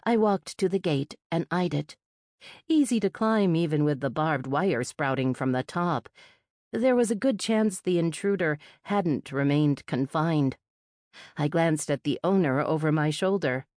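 Low-voiced woman narrating wryly. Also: animated, measured pace, darkish tone, no room sound, clean studio sound. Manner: wry, sardonic first-person delivery. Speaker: audiobook narrator. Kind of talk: first-person fiction narration.

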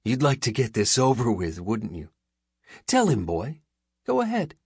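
A man's voice: medium pitch, huge pitch swings, a little slow, breathy edge, no room sound, clean studio sound, pitched above the performer's own voice, full character voice. A man playing a sly, taunting cutthroat. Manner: taunting, breezy and bright. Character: sly, cruel male criminal, mocking and menacing. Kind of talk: audiobook character voice.

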